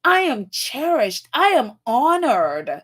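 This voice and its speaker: A woman in New York hosts a live stream, reading viewer comments aloud while gushing and laughing on the edge of tears. Her voice sits high with big pitch swings, and she takes her time.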